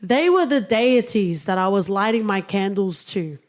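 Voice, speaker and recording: A woman's voice: mid-range voice, lively intonation, moderate pace. A woman co-hosting a podcast in casual chat, blunt and profane, often laughing. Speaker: podcast co-host.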